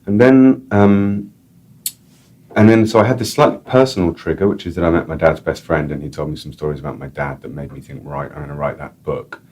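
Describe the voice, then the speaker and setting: A man's voice: deep voice, steady tone, fairly quick, darkish tone, slight background noise. A male author and editor, a guest in an interview, talking casually in a rambling way with repeated words and many "like"s. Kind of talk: casual chat and reading aloud.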